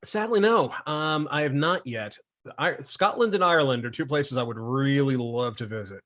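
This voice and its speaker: A man, a guest on a whisky tasting show, chatting casually in rambling, animated stories. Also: mid-range voice, moderate pace.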